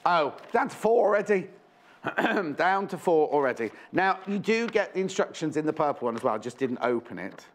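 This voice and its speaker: Very animated, with a fairly high pitch and a normal speaking speed, this man runs a live sales pitch on a shopping channel in a TV studio. He chats loosely, tracks the dwindling stock aloud, and keeps amending what he says.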